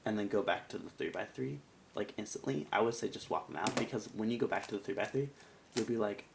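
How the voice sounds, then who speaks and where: Male reviewer, gravelly and animated, casual rambling delivery, noisy recording. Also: fairly low pitch, fast. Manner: rambling, chatty, self-mocking asides. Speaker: cube reviewer.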